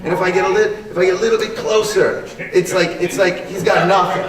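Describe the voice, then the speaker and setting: High-voiced man teaching in an echoey hall. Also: fairly even intonation, brisk, crowd noise. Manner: conversational, lots of "right?" check-ins, repeats words. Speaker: martial arts instructor giving a talk. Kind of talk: conference presentation with live demonstration. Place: conference hall. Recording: echoey hall, voice picked up from a distance.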